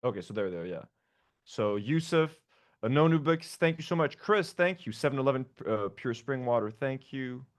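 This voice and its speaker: A man's voice: mid-range voice, expressive, normal speed. Laid-back man co-hosting a live stream. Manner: laid-back, laughs often, thanks donors one by one. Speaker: podcast co-host reading donations. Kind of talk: casual live-stream chat.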